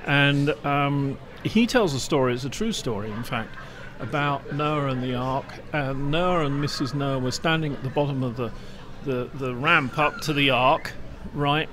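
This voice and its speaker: A man's voice: mid-range voice, unhurried, crowd noise. A man hosting a casual panel podcast, telling long stories with many fillers. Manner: rambling storyteller, hesitant fillers. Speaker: podcast host.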